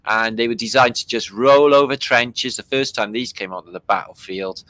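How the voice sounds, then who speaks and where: Casual host, male, from Britain; bright tone, loose delivery, swears a lot. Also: mid-range voice, moderate pace, no room sound. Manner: loose and chatty, swearing freely, many fillers. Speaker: host commenting on archive war footage. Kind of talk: casual running commentary.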